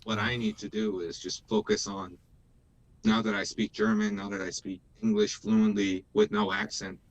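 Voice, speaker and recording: Born in Iran and speaking Persian as his first language, a man in his thirties co-hosts a live stream, chatting emotionally and laughing often. His high voice is sing-song with vocal fry, at normal speed.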